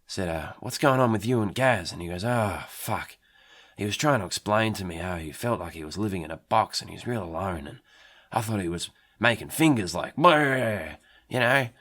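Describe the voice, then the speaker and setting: A man playing a rambling, swearing Australian bloke who tells an absurd story in a deadpan way, with an Australian accent. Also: low voice, a little fast, exaggerated voice. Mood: deflated. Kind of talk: absurd comic monologue.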